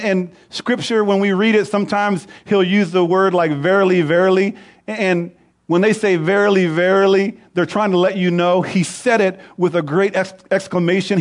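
Middle-aged man preaching, kinda high voice, goes big then real quiet. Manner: preaching, swells loud on scripture then drops low and soft. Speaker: pastor. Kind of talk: sermon.

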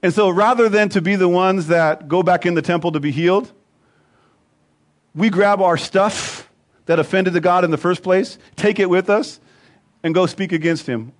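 Male pastor, high voice, emphatic repetitive sermon delivery. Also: normal speed. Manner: emphatic, repetitive preaching with rhythmic lists.

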